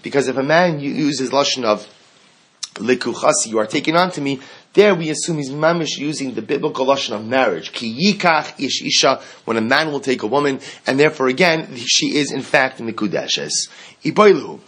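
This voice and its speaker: A man works through a Talmud passage, reading a phrase and then explaining it in English. His voice is husky and sits in a middle pitch. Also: animated, a little fast, fairly bright tone. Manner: explains text line by line, mixing Aramaic and Hebrew terms into English. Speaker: Talmud teacher. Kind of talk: Talmud lesson.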